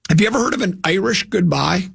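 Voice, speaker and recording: Gravelly folksy older radio host. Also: male voice, sits high, lively intonation, quick pace, a bit bright, no room sound, studio quality. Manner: folksy, self-mocking, many restarts. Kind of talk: rambling radio anecdote.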